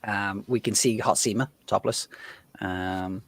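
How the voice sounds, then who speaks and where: A man's voice: lowish voice, fairly even intonation, measured pace. Chatty male livestream host. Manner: chatty, full of fillers. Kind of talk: casual livestream chat.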